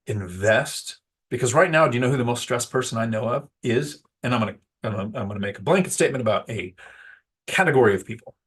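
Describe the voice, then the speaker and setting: A man's voice: mid-range voice, expressive, fast, a bit bright, slightly rough. A man talking casually to the camera about landlord life, rambling and poking fun at himself when he loses a word. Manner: rambling and self-deprecating, loses his words. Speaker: real estate investor vlogger. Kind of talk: casual talking-head vlog.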